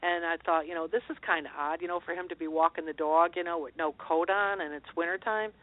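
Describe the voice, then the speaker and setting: A woman's voice: fairly low pitch, fairly even intonation, a little fast. Earnest woman on a tinny phone line. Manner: earnest, meandering storyteller. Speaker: interview guest. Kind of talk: telling personal stories in a call-in interview.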